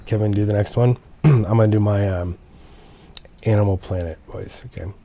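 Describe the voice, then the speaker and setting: A man's voice: lowish voice, moderate pace, mellow. A man hosting a co-op let's play, chatting casually in a hesitant, filler-heavy way. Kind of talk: casual co-op gaming chat.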